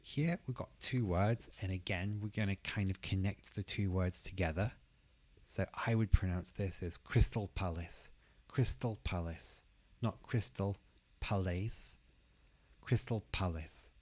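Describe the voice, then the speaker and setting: A man teaching English pronunciation, who says each word slowly and carefully and repeats it twice. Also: low-pitched, darkish tone. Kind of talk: pronunciation lesson.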